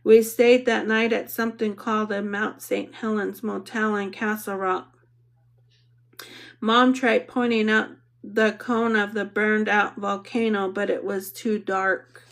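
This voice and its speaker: In a first-person audiobook, a woman reads in a measured, reflective manner. Her mid-range voice is gravelly and her delivery flat.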